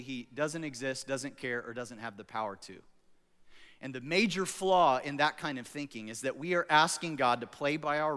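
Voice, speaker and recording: A man preaching as a pastor, telling stories animatedly and acting out quotes for laughs. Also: a little high. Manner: animated, jokey storytelling with acted-out quotes. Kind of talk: sermon. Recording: echoey hall.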